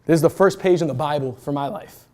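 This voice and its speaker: A man in his twenties gives a brash, energetic motivational talk to students, swearing casually as a guest speaker in a university event room. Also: on the high side, fast. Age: 20s.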